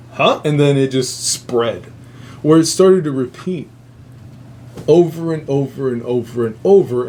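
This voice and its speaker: A man's voice: mid-range voice, warm tone, slight background noise. Profane rambling man telling a story. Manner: profane, rambling, laughs at own jokes. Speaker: host. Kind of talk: casual storytelling.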